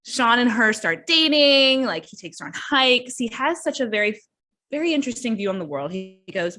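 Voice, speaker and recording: A woman's voice: a little high, big pitch swings, normal speed, pushed and bright. A woman hosting a podcast, casually reviewing books and acting out the characters' lines as she retells the story. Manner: chatty, often acts out characters' lines. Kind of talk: casual book review chat.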